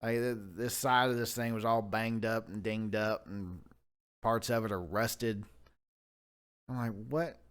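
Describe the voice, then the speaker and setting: A man's voice: fairly low pitch, fairly even intonation, a little slow, fairly bright tone, clear, resonant tone. A man co-hosting a podcast, telling a rambling, profane story in casual chat. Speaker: podcast co-host.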